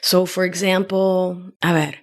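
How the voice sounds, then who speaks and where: An Argentine woman whose native language is Spanish hosts a reflective wellness podcast as a life coach, speaking gently and without hurry. Her voice sits on the low side with little pitch movement, and she sometimes drops to a whisper for emphasis.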